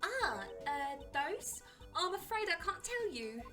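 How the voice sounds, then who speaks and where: A high, lively, unhurried young shopkeeper girl with a put-on British accent, as a woman voices her, all coy teasing sales talk. Her tone is bright and ringing. Faint music plays underneath. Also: heavily acted. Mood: timid.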